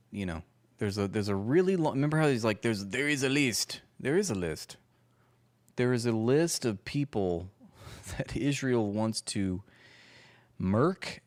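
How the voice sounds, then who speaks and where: A man's voice: on the low side, darkish tone. A man streaming and commenting on clips in a casual, wry, joking way.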